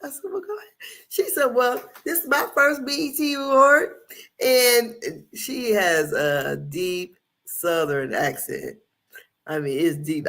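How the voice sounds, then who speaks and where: A woman's voice: on the low side, creaky, a bit bright. A middle-aged woman from Indiana hosting a casual recap show, chatty and rambling, often laughing as she tells stories. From Indiana, USA. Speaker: podcast host. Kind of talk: casual commentary.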